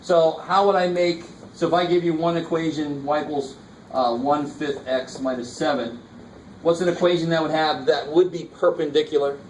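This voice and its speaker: In a steady tone and at a moderate pace, a math teacher with a fairly high voice gives a relaxed, engaged lecture, often asking whether students are with him. He's recorded from a distance in a large classroom, faint hiss underneath.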